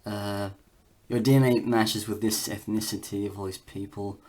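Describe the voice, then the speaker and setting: Reading through results shown on screen, a male vlogger talks loosely to camera in a halting, rambling manner with many fillers and restarts. His voice is fairly low, steady, and somewhat dark in tone.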